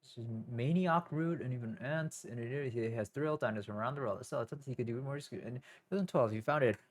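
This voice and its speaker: A man's voice: medium pitch, fast talker. A young man streaming live, talking casually to himself and his viewers in a nervous, rambling, self-mocking way.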